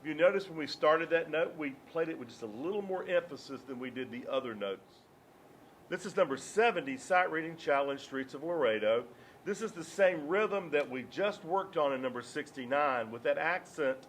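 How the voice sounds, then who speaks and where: A man's voice: a little high, slight background noise. A man teaching a beginner clarinet lesson, counting beats aloud and giving patient, step-by-step directions. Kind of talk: instructional music lesson.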